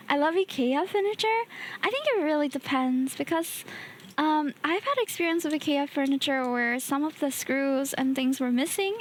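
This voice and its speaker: A woman streamer with a high-pitched voice chats easily at her home desk while building a kit, often laughing softly. There's a little hiss or hum in the recording.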